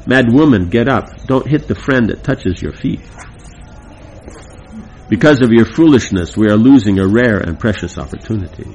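A man's voice: on the low side, lively intonation, normal speed, darkish tone, a little hiss or hum, poor audio. A man reading aloud the part of a young woman scolding her friend in a devotional play. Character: scolding young female companion.

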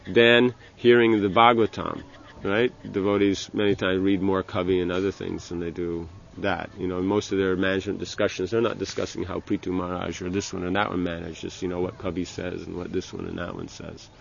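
A man giving an informal religious lecture as a spiritual teacher, talking in a halting way with many restarts and "you know". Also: sits low, flat delivery, creaky, lo-fi sound, a little hiss or hum.

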